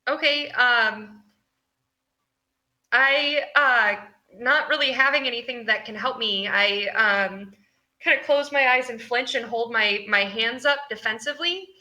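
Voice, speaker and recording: Slow, bright-voiced woman at a game table. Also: a little high. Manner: hesitant, slow, many fillers. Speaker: player. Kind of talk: tabletop role-play.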